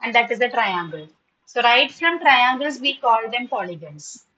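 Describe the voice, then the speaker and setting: A woman teaching an online English class, patiently spelling words and repeating them slowly. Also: on the high side, big pitch swings, sharp tone, highs cut off.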